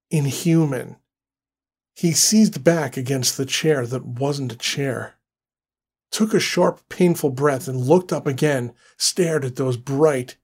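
A man giving a scripted horror story narration in a slow, deliberate, dramatic way. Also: medium pitch, a little mellow.

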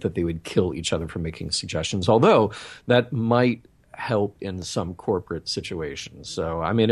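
A man co-hosting a podcast in casual chat, deadpan and dry, halting with fillers. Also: low-pitched, slightly rough. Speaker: podcast co-host.

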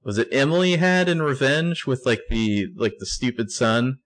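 A man's voice: medium pitch, lively intonation, moderate pace. A man co-hosting a casual show recap, narrating scenes with wry asides. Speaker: podcast co-host.

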